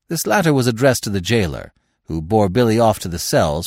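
A man narrating a classic story in an expressive, dramatic audiobook reading. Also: lowish voice, brisk, no echo, clean studio sound.

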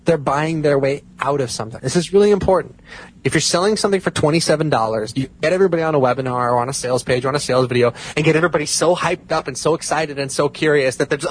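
A man's voice: a little high, racing, slight background noise, poor audio. A man speaking as a podcast guest, emphatic and repeating points for stress. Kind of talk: casual chat.

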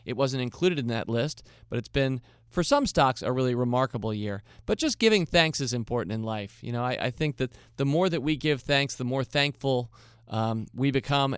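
A man's voice: medium pitch, clean tone, dry recording, studio quality. A man from the United States hosting his investing podcast, talking through listener questions in a conversational, upbeat way with the odd light laugh. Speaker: podcast host. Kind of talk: casual solo podcast talk.

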